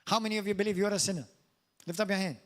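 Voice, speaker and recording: A middle-aged Maltese pastor delivers a sermon in a church hall at a very fast clip, his voice high for a man. Animated, he fires questions at the congregation and then slips into playful, mocking high voices.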